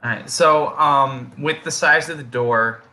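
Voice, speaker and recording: Slow, bright-voiced male game master. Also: medium pitch. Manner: unhurried, filler-heavy, explaining patiently. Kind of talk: narrating a tabletop game.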